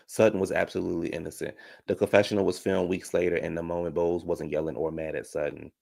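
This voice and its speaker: A man's voice: sits low, vocal fry, a little mellow. A man giving casual live-stream commentary on reality TV, chatty and opinionated, talking straight to his viewers.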